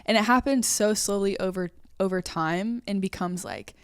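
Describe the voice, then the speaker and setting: A woman's voice: mid-range voice, moderate pace, clean tone, dry recording, studio quality. A woman co-hosting a podcast, speaking thoughtfully and asking questions with frequent "like"s. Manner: thoughtful, asks questions, uses "like" often. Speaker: podcast co-host. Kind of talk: casual podcast conversation.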